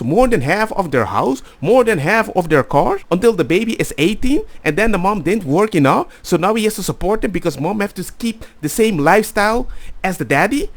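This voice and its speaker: A man giving casual, heated reaction commentary, rambling with slips between points. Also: sits high. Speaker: reaction video host.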